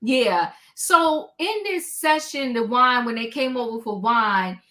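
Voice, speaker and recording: A woman co-hosting a casual recap podcast, gossipy and animated, acting out what others said. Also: a little high, slow pace. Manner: animated, gossipy, acts out quotes. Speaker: podcast co-host recapping a reality show. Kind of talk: casual chat.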